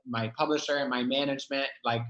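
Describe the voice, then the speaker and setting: A man speaking with blunt, heartfelt emphasis, swearing freely as he talks. His voice sits at a middling pitch and rings in an echoey room. He sounds like a guest in a candid conversation. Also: steady tone, fast talker, fairly bright tone, muffled recording. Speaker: guest musician.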